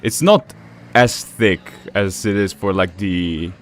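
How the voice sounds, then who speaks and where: A man's voice: low voice, slow pace, a little hiss or hum. A man with an Eastern European accent chatting casually while playing a game, rambling along with fillers and chuckles. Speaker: gaming streamer. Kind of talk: casual gameplay commentary.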